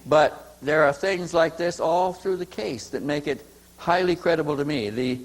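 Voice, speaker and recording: A man with a fairly high voice speaks at a conference. He tells a long personal story in a rambling, conversational way, often stumbling over and repeating words before he gets a sentence out. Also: moderate pace, rough recording. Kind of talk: anecdotal storytelling. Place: conference hall.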